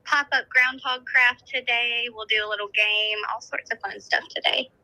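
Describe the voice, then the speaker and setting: A woman's voice: fairly high pitch, steady tone, normal speed, bright, forceful tone, low-quality recording. A woman who works as a children's librarian, phoning in to chat cheerfully about story time, a little out of breath. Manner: cheerful and upbeat. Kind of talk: casual chat, phoned in.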